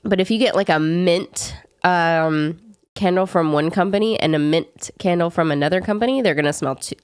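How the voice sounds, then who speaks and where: A woman's voice: fairly low pitch, moderate pace, clear, resonant tone, no room sound, studio quality. A young woman with a Southern US accent, chatting casually with viewers on a live stream in a rambling way while sick. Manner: chatty, rambling with frequent "like" fillers. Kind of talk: casual chat answering viewers.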